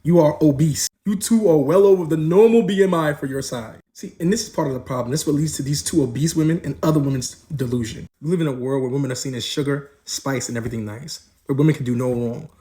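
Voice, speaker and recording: A man's voice: on the high side, quick pace, few pauses, warm tone. A man hosting a podcast, delivering blunt, mocking commentary in a scripted way. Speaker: podcast host.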